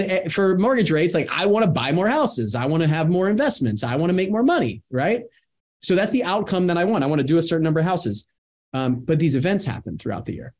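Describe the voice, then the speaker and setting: A middle-aged man giving a motivational coaching talk, energetic and talking in bursts, often adding "right?" to his points. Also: medium pitch. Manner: energetic, talks in bursts with many "right?" asides. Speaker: real estate investing coach.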